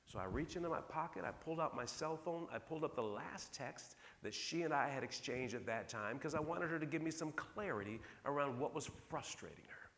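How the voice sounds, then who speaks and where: A man's voice: on the high side, brisk, hardly any pauses. A middle-aged man giving a conference keynote to an audience in a large hall, telling stories with humor. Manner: animated, humorous storyteller. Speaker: keynote speaker. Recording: long reverb of a large hall.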